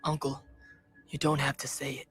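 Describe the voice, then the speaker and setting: An actor voicing a brooding, bitter teenage exiled prince who speaks tersely. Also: male voice, medium pitch, normal speed, soft background music, natural voice. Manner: terse and flat.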